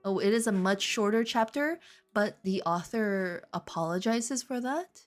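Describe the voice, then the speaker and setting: A woman's voice: medium pitch, measured pace, faint music behind. A woman reading fanfiction aloud with sarcastic, laughing commentary.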